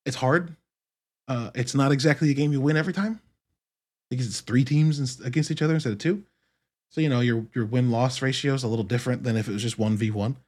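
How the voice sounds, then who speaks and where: A man's voice: medium pitch, breathy edge. A man hosting a solo podcast, talking casually and rambling, swearing often and correcting himself mid-sentence. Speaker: podcast host.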